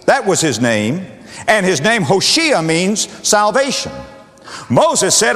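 A man's voice: sing-song, a bit bright, big-room sound. A man preaching a sermon with a dramatic, repetitive cadence, calling his listener "my dear friend" and drawing out words for emphasis. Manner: preacherly cadence with sweeping pitch swings and drawn-out emphasis.

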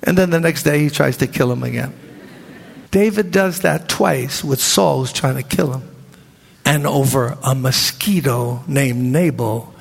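A man preaching a sermon to a church congregation, animated and acting out the voices of the people in his story. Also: medium pitch, creaky, breathy edge. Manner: animated, acts out voices of biblical figures. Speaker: pastor. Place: large church hall. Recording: reverberant church hall.

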